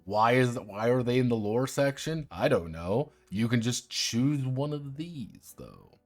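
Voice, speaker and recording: This man's medium-pitched, darkish voice has lively intonation and runs a little slow. In relaxed livestream commentary he reviews tabletop RPGs, irreverent and sardonic, cursing freely and talking viewers through the rules in detail.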